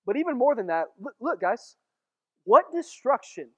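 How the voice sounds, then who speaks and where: Jokey young preacher. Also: male voice, very high-pitched. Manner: animated, jokey storytelling with quick acted asides. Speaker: youth pastor. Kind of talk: casual sermon.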